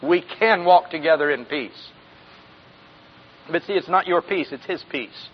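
On a dull lo-fi recording with slight background noise, a sixty-something pastor preaches folksily at a measured pace. His voice is on the high side, and he often puts questions to the congregation and chuckles.

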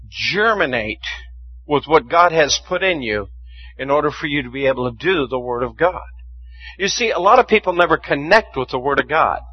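A man's voice: on the high side, breathy edge, dull audio. A man preaching a sermon and telling a personal story, often stumbling and repeating words as he starts a sentence.

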